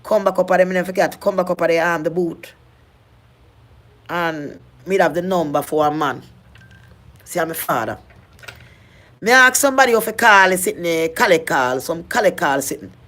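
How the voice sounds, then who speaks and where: A woman's voice: lowish voice, lively intonation, moderate pace, long pauses, a bit bright. Middle-aged Jamaican woman telling her story. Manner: earnest, heavy patois, repeats and restarts phrases. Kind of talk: personal storytelling.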